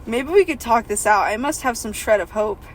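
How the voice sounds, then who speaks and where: A woman's voice: a little high, expressive, fairly quick, slight background noise, rough recording. A woman hosting a comedy podcast, reading a novel aloud in first person and breaking off with jokes. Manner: reads in first person, breaks into laughter and asides.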